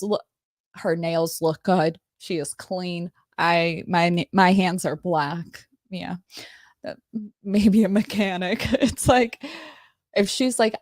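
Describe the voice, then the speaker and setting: A woman's voice: lowish voice, slow, dry recording, clean studio sound. Blunt, profane woman ranting on a livestream. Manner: blunt, profane, laughs often. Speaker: host. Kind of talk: casual livestream rant.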